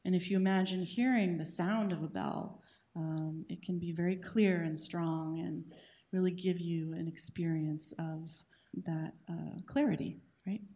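Woman host, low and mellow, measured explainer. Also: fairly even intonation. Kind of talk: explanatory talk and guest introduction.

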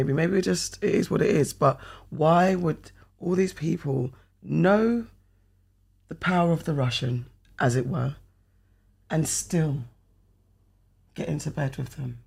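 This is a man in casual podcast conversation, slightly higher-voiced than most. He rambles through his thoughts with lively, animated delivery and drops the odd swear word. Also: takes it slowly, vocal fry, pauses often, breathy edge. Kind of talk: casual chat.

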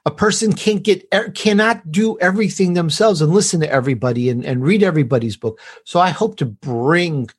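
A man's voice: on the high side, a little fast, few pauses, slightly rough. A man guesting on a podcast, talking with enthusiasm and rambling a little with restarts. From Italian heritage. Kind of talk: podcast interview.

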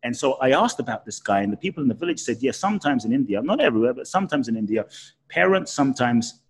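Brief: male guest speaker, husky tone, emotional storyteller whose pitch leaps and who often restarts mid-sentence. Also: quick pace. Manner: animated, swooping pitch with frequent restarts. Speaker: guest, spiritual teacher.

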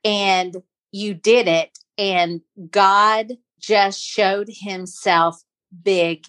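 Woman, slow pace, gentle, measured, podcast interviewer. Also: mid-range voice, fairly even intonation. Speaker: podcast co-host. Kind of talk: interview questions.

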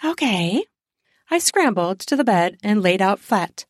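A woman host narrating an erotic story in the first person with a deliberate, close-miked reading. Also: medium pitch, animated, no echo.

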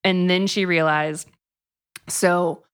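A woman's voice: fairly low pitch, fairly even intonation, takes it slowly, smooth. A woman co-hosting a podcast, retelling a book's plot in casual chat, full of "like". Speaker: podcast co-host. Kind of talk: casual book-review chat.

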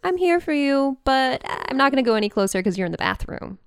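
Woman doing a loyal little dog, eager and sweet, pitched high; close, dry sound. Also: big pitch swings, fairly quick, creaky, smooth, no room sound, full character voice. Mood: pleading.

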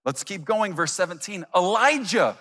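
A man preaching a sermon as pastor, animated, acting out imagined voices of his listeners. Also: sits high, moderate pace, long reverb tail.

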